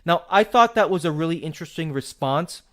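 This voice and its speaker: A man hosts a podcast on his own, chatting casually about his hobby. His voice sits a bit high, and he rambles and cuts himself off, then restarts with strong opinions. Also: fairly quick. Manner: rambling, self-interrupting, animated opinions. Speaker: podcast host. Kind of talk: casual solo podcast talk.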